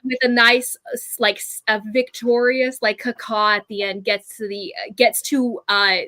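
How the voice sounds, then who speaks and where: A woman's voice: fairly high pitch, steady tone, moderate pace, sharp tone. Woman narrating as game master. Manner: descriptive, meandering with fillers and restarts.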